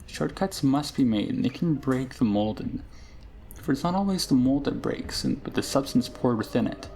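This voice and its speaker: A man's voice: mid-range voice, expressive, normal speed, darkish tone, slight background noise, natural voice. A man reading an ancient scheming hag. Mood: brooding. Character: ancient scheming female hag, cruel and teasing. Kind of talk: reading game dialogue aloud.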